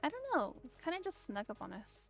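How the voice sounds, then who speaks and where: A woman's voice: a little high, big pitch swings, quick pace, creaky, a bit bright, faint music behind. A woman streamer chatting playfully with friends while gaming. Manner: chatty, playful, mock-defensive. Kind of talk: casual gaming chat with friends.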